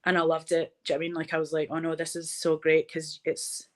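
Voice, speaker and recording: A woman's voice: sits low, completely flat delivery, fast. A woman in her thirties with a Glaswegian accent, chatting animatedly as an interview guest, full of "like" and "do you know what I mean". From Scotland. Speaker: interview guest, actor and director. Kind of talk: casual conversational interview.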